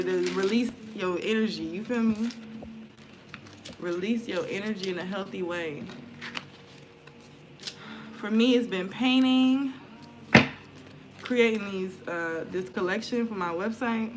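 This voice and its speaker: A woman reading tarot and chatting casually to viewers on a live stream at home, slangy and loose, swearing freely. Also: medium pitch. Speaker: tarot reader and spiritual content creator. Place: indoors at home near an open window. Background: outdoor noise through the window.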